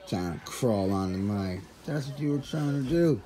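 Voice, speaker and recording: A man's voice: mid-range voice, animated, moderate pace, mellow. A young man casually talking to his dogs in a vlog, teasing and exasperated, calling them weirdos. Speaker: dog owner vlogger. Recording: dogs, clicks and noise behind.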